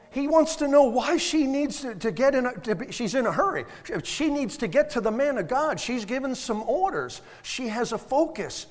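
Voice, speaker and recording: High-voiced preacher in a reverberant hall. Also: male voice, sing-song, normal speed. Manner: emphatic, rhetorical questions, frequent restarts. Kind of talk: sermon.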